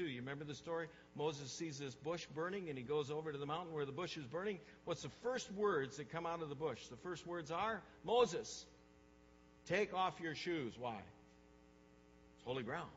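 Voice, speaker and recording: A male pastor preaching a sermon, emphatic, repeating words for stress and swinging from hushed to loud. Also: a little high, fairly quick, hardly any pauses, big-room sound, dull audio, a little hiss or hum.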